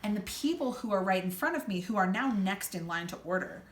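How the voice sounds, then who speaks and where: A young woman telling a story in a casual chat, loud and animated, swearing freely and acting out the people she quotes. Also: medium pitch, brisk. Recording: echoey room, faint background hum.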